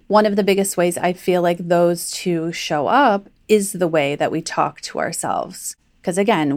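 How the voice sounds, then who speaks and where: Low-voiced woman health coach, chatty. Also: dry recording, clean studio sound. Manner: chatty, frequent "like", acts out inner voices. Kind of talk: conversational podcast teaching.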